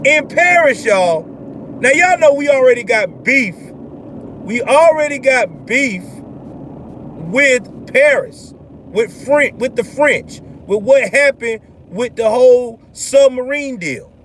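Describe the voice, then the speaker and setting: High-voiced man ranting from a car. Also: slow. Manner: blunt, profane, animated. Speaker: vlog host. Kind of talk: casual ranting commentary. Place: in a car on the road. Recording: car road noise behind.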